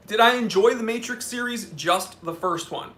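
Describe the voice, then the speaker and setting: Reading viewers' questions aloud during a relaxed live Q&A, this watch channel host speaks in a bright, high voice. He keeps things playful, with rapid tangents and sentences that break off and start over.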